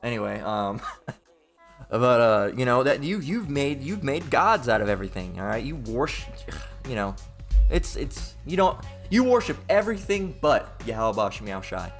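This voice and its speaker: A man with a Southern US accent delivers a rough, informal sermon at a medium pitch. He reads verses aloud, then slides into heated, profane tangents and repeats himself for emphasis. Soft music plays faintly underneath. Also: big pitch swings, normal speed. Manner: reads scripture then rants. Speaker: preacher. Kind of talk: informal Bible teaching sermon.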